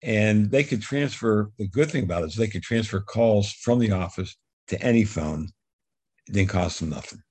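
Middle-aged man, husky low voice, casual rambling storyteller in an interview. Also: normal speed, a little mellow, dry recording. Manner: rambling anecdotal storyteller, repeats words. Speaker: guest telling his life story.

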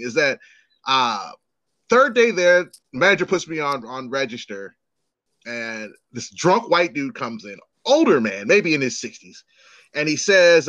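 A middle-aged man, the host of a podcast, swaps stories in a casual chat, lively and profane, acting out what each person said. His voice sits a little high, and the recording is muffled with no echo.

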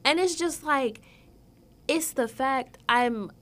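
A woman's voice: high-pitched, slow. A woman podcast co-host from the Southern US, telling stories in casual chat and acting out the voices of people in them. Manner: animated storytelling, acts out voices.

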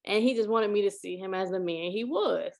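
A woman hosting a podcast, telling a story in casual chat, animated and acting out what people said. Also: medium pitch, brisk, vocal fry. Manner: animated, acts out quotes, laughs often. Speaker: podcast host.

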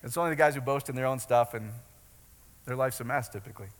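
A man preaching a sermon in a loose, joking way, asking the crowd questions and building up to loud declarations. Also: medium pitch, fast, in a large hall. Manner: conversational preaching with jokes and rising shouts. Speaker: pastor.

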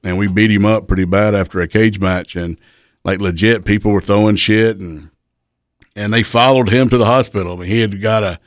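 Middle-aged guy rambling wrestling stories, kinda low voice, cussing a lot, dry close mic. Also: fairly even intonation, fairly quick, no echo. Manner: laid-back, profane, rambling anecdotes. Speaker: guest, retired pro wrestler. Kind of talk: casual storytelling.

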